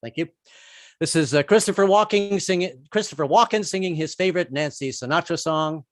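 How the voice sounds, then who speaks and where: A male stand-up comic with a slightly high voice tells jokes, stumbling and repeating words on the way to each punchline. The sound is dry and close, with little room around him. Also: dry recording. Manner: halting, repeats words, drops into quick bits. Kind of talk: stand-up comedy set.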